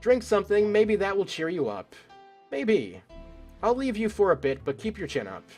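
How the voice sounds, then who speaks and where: A man's voice: high-pitched, sing-song, moderate pace, darkish tone, soft background music, voice pushed up. A man doing an upbeat, teasing bar boss. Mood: encouraging. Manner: upbeat, encouraging. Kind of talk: let's play voice acting.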